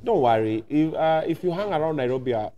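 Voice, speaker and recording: A man's voice: a little high, expressive, fast, warm tone, highs cut off. A man hosting a casual talk show interview, playful and teasing, switching between English and Swahili. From Nigeria.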